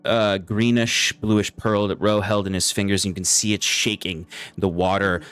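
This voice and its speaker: Deep-voiced male game master. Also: little pitch movement, normal speed, fairly bright tone, clear, resonant tone. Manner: descriptive, with hesitant fillers. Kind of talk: narrating a tabletop game.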